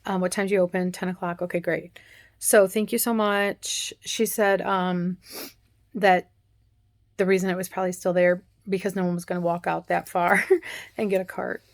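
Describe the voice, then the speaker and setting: A woman's voice: fairly low pitch, flat delivery, moderate pace. A middle-aged woman, rambling through a casual story and acting out the other people in it. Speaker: cooking channel host.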